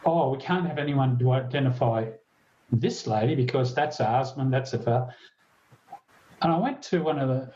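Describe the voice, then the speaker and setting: An older man, a retired police detective telling a story in a podcast interview, earnest and halting with frequent restarts. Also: medium pitch, warm tone, highs cut off. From Australia.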